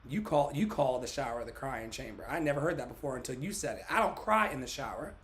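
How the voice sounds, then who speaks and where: A man's voice: medium pitch, lively intonation, quick pace, fairly bright tone. A man hosting a motivational livestream, reciting a poem dramatically and joking with viewers between readings. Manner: dramatic, emphatic poetry recitation mixed with joking asides. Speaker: life coach and livestream host.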